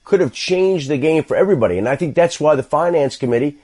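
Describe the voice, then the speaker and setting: Measured man giving football analysis. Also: fairly high pitch, animated, a little mellow. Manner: measured, explanatory, repeats key points. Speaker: football insider. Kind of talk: sports radio analysis.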